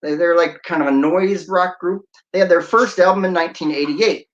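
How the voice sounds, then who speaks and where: A man's voice: high-pitched, normal speed. A man chatting as a DJ on a livestream, playful and full of corny jokes. His voice comes through slightly dull, lo-fi audio from a home stream. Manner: jokey, playful, breaks into sung snippets and laughs. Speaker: radio DJ and livestream host. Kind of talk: casual livestream chat.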